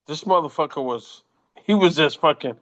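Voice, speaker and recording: A man in his sixties, a former boxer, telling profane, animated stories in a casual interview and quoting people as he goes. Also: fairly high pitch, normal speed. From United States. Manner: profane, animated anecdotes with quoted voices. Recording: muffled lo-fi audio.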